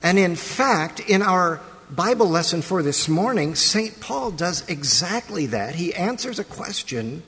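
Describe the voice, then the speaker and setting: A man's voice: high-pitched, sing-song, unhurried, few pauses, fairly bright tone. A man preaching a sermon as pastor, moving from liturgical prayer and scripture reading into a conversational talk. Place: church sanctuary. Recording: long reverb of a large hall.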